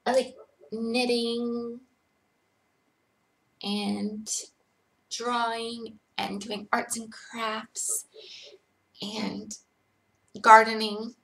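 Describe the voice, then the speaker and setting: A young woman casually answering chat questions on a live stream, hesitant, with frequent ums and pauses. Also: fairly high pitch, fairly bright tone.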